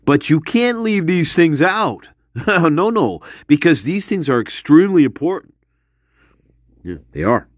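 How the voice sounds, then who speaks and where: A man's voice: fairly high pitch, very animated, measured pace, dry recording, clean studio sound. A man delivering an angry, profane monologue, mocking someone with scornful laughs. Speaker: commentator.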